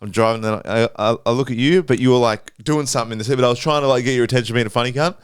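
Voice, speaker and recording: A young man telling a story in casual podcast chat, swearing freely and acting out the shouting. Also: mid-range voice, racing, clean tone. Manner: animated storyteller, swears a lot, acts out shouting. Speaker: podcast host.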